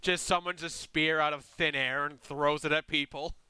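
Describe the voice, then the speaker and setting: A tabletop game player, playful and lively. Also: mid-range voice, moderate pace, clean tone, dry recording. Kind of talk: casual tabletop play.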